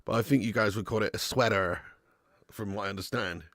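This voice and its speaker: A man's voice: lowish voice, fairly quick, fairly bright tone, dry recording, studio quality. A man hosting a live football watch-along stream, bantering and laughing as he reads out viewer messages.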